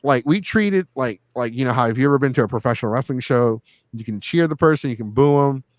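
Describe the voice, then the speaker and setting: A man hosting a podcast, telling stories in a crude, joking, animated way and laughing often. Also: medium pitch, fast, no room sound. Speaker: podcast host. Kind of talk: casual storytelling chat.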